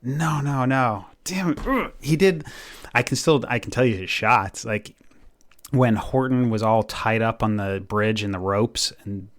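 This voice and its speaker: A man with a slightly low voice chats casually as a podcast co-host. He is animated, laughs often and restarts his sentences as he goes. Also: measured pace. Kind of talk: casual chat.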